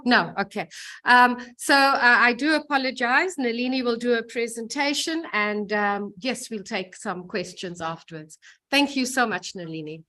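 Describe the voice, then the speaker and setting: A woman chairing a conference session, thanking and introducing speakers, brisk and apologetic. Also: fairly high pitch, pushed and bright.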